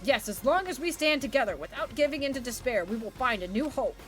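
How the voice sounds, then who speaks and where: Profane, high-voiced woman streamer. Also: expressive, fast talker, fairly bright tone. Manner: casual and profane, reads game dialogue aloud with gusto. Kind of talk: live let's-play commentary. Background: game music.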